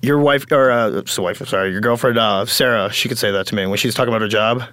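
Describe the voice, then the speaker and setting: A man's voice: on the low side, fast, bright, forceful tone, no echo. A man co-hosting a podcast in casual chat from a studio, blunt and teasing, with plenty of swearing. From United States. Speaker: podcast co-host.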